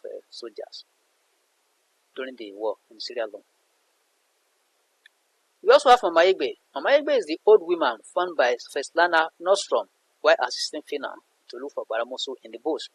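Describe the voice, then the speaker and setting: A man's voice: mid-range voice, big pitch swings, moderate pace, pauses often, a bit bright, husky, poor audio. A man teaching a literature lesson in an emphatic way, repeating points for his students. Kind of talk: explanatory lesson narration.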